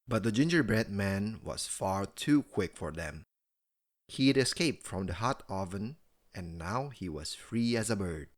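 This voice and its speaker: A man with a low voice reads a children's bedtime story aloud. He takes it slowly and leans into every line, with his pitch rising and falling in a lively, animated way. It is gentle, expressive storybook narration.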